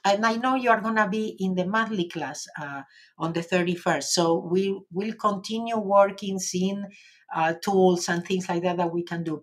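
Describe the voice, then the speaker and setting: A woman who is a native Spanish speaker with an Argentinian accent hosts a casual live stream, reading viewer comments gently and encouragingly with many fillers. Her voice is mid-range.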